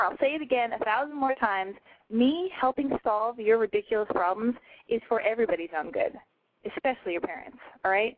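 A young woman with a mid-range voice hosts a casual call-in radio show from home, brash, profane, and self-mocking. She's on a home mic over a call-in line, so the sound is dry and tinny like a phone, with no room sound.

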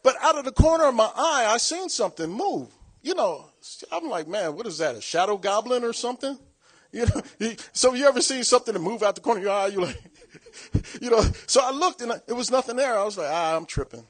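Animated high-voiced preacher telling a story. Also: male voice, quick pace. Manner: animated, laughing, shouts and acts out voices. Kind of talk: storytelling sermon.

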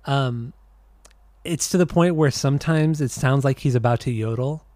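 A man's voice: medium pitch, moderate pace, darkish tone, no echo. Laid-back rambling podcast co-host man. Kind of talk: casual chat.

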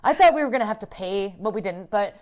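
A woman telling a story in casual chat, animated, laughing often and swearing freely. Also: medium pitch, quick pace.

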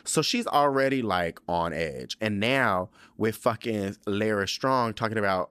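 A young man hosting a podcast, recapping a TV episode in a sassy, profane, animated way and slipping into quick voices for the characters. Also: fairly low pitch, smooth, no echo. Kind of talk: casual recap monologue.

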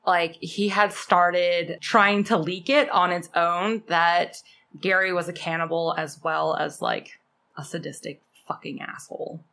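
A woman's voice: on the low side, fairly even intonation, a little slow, pushed and bright. Chatty young woman telling a true-crime story. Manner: chatty, heavy with fillers and swearing. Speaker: podcast co-host.

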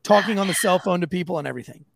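A man, a former police officer hosting a podcast, telling profane, animated stories and acting out the people he quotes. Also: high-pitched, rapid-fire, vocal fry, no echo. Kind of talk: casual storytelling chat.

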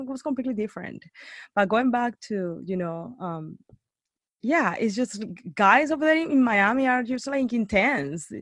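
A woman telling a story in casual chat, animated, acting out quotes and saying "like" a lot. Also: no room sound, studio quality. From Bay Area. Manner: animated, acts out quotes in a high voice, lots of "like".

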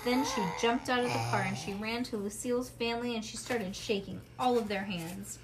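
A woman reading a children's storybook aloud to her child at home, with relaxed, chatty asides. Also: fairly high pitch, a little fast, a little hiss or hum.

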